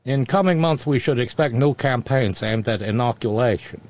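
Hosting a commentary show, this man has a mid-range, darkish voice. Between news items he drops in fast, mocking, sarcastic asides.

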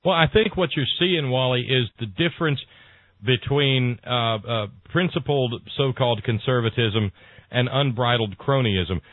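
A hesitant male talk radio host chats about politics, rambling and full of hesitations and repeated words. His voice is medium-pitched at a moderate pace. The broadcast audio is dry and tinny, like a phone line.

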